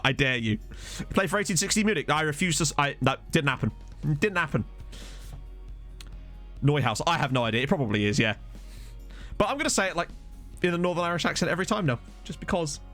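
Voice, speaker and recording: A male streamer talking into a desktop mic at home, his pitch swinging up and down a lot as he rambles through a football management game. He chats with viewers in a loose, easygoing way, with faint music in the background. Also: fairly bright tone. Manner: chatty, rambling, answers viewer chat. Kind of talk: casual live-stream commentary. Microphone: desktop USB microphone.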